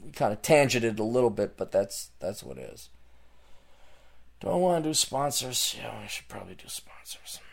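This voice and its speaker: A man hosting a podcast alone, delivering a rambling, repetitive rant that swings between loud outbursts and muttered asides. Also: medium pitch, expressive, normal speed, creaky, breathy edge. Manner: rambling, repetitive, loses his thread. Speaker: podcast host. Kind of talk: ranting solo monologue.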